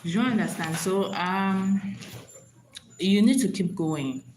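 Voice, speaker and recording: A woman's voice: medium pitch, slow, darkish tone, slight background noise, rough recording. A woman hosting a live stream and giving motivational advice in a preachy, repetitive way, often asking if listeners understand. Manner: preachy, repeats herself, asks "you understand?".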